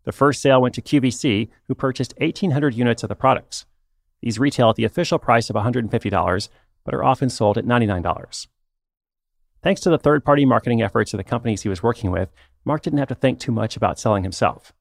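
Gravelly man narrating a podcast. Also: mid-range voice, fast, dry recording, studio quality. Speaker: podcast host. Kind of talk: scripted narration.

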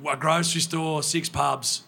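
A man's voice: on the high side, fairly even intonation, unhurried, vocal fry, bright, forceful tone. A young man from the New South Wales countryside with an Australian accent, a podcast guest telling chatty, sweary stories live. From Australia, rural New South Wales. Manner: chatty, swears often, acts out others in anecdotes. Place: brewery venue, live audience.

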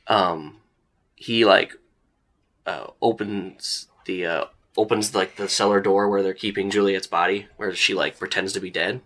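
A man with a fairly low voice runs a tabletop role-playing game as its game master. He describes characters and scenes in a loose, chatty way full of fillers. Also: fairly even intonation, unhurried, fairly bright tone.

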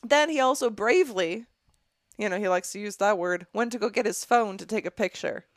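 A woman's voice: mid-range voice, brisk, no room sound. A young woman co-hosting a casual podcast in a studio, reading a listener's letter aloud and breaking off into blunt, profane, disgusted commentary. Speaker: podcast co-host.

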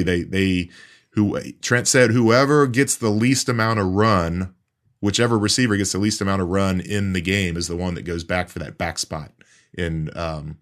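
A man, a sports reporter co-hosting a podcast, casually retelling a player's story and laughing easily. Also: sits low. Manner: relaxed, quick to laugh, retells what players told him.

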